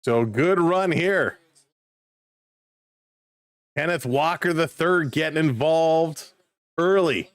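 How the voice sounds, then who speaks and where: A man casually calling football play-by-play on a live stream, chatting excitedly with viewers. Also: fairly high pitch, slow, pauses often, smooth, no room sound.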